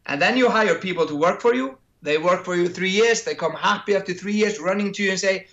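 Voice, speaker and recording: A man's voice: sits high, fairly quick, hardly any pauses, a bit bright. A man in an interview, explaining his ideas with anecdotes, acting out imagined dialogues and often repeating words as he goes. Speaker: interviewee, creator and entrepreneur. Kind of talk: casual interview storytelling. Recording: dull lo-fi audio.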